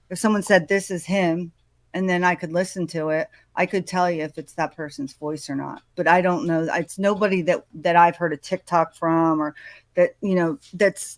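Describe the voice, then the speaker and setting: A woman hosting a true-crime commentary, talking in a speculative, conversational and often hushed way. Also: lowish voice, dry recording, rough recording. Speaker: host.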